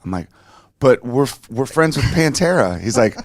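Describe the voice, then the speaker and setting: A man's voice: medium pitch, lively intonation, normal speed. A middle-aged man animatedly telling a road-trip anecdote, swearing freely and acting out other people's lines. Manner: swears freely, acts out quoted voices. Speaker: interview guest.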